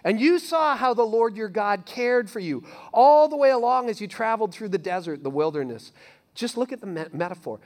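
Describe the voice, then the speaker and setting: A male pastor preaches in a loose, talky style, his voice sitting high and leaping around a lot. He punches key lines, then drops to a near-whisper. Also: fairly quick. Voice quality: animated, conversational preaching with sudden soft drops. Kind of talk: sermon.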